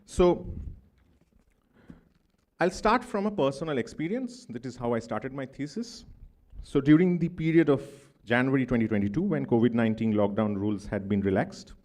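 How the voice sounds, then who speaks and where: A man's voice: medium pitch, lively intonation, moderate pace, darkish tone. A man in his thirties with a Bengali accent, giving an academic conference talk in a thoughtful, discursive way with many asides. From India. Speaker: conference speaker. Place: conference hall.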